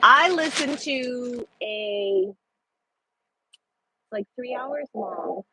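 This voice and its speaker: A woman's voice: fairly high pitch, lively intonation, very slow, pushed and bright, a little hiss or hum. A woman truck driver chatting casually with viewers on a live stream from her parked truck at a rest area, swearing now and then. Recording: dull lo-fi sound.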